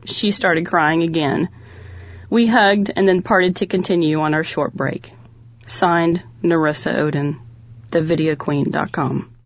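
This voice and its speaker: Expressive woman reading a personal story. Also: a little slow, no echo. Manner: expressive, dramatic pitch swings. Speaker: reader of a personal testimonial. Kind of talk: first-person story read aloud. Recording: dull lo-fi, dry sound.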